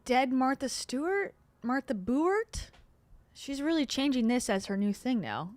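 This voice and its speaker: A woman's voice: high voice, big pitch swings, measured pace, a little mellow, dry recording. Sarcastic woman streamer, dry close mic. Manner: sarcastic, exasperated asides; chuckles often. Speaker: streamer reacting to a podcast. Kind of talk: casual livestream reaction commentary.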